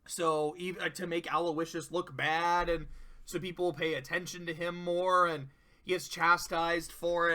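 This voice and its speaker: A man's voice: on the high side, level tone, measured pace, bright, forceful tone. A man reviewing cartoon episodes in a casual, rambling way, frank and profane, with many fillers.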